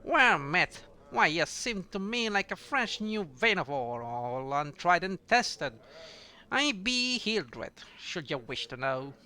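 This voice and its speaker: A man voicing a boastful female dwarf warrior with rough, folksy speech while reading game dialogue aloud. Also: high-pitched, big pitch swings, slow pace, bright, forceful tone, full character voice. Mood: hearty.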